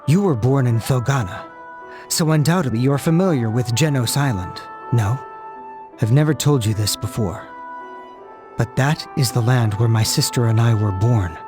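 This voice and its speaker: An actor playing a proud, secretive young knight in a video game, speaking in a formal, measured and aloof way. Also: male voice, medium pitch, over music, natural voice. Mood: grave.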